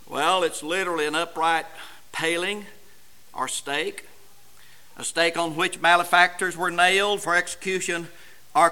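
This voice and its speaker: Emphatic bright-voiced male preacher. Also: rough recording. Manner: emphatic, swings from loud declaiming to low intense delivery; addresses the congregation directly. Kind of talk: sermon.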